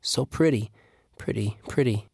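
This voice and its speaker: A man's voice: unhurried, vocal fry, breathy edge, dry recording, clean studio sound, heavily acted. A man reading aloud and voicing a frail, timid little boy who cannot walk, in a small pleading voice. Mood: wondering. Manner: small pleading voice, often soft and higher.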